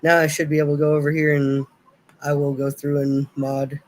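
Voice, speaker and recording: A man's voice: fairly high pitch, monotone, fairly quick, low-quality recording. A man hosting a casual livestream from a home setup, hesitant and thinking aloud with many fillers. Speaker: livestream host.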